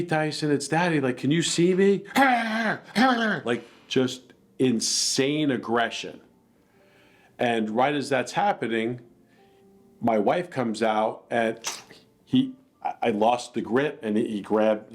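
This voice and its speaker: Earnest man with a lowish voice. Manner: earnest, plainspoken, reflective. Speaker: dog attack victim telling his story. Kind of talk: personal spoken account.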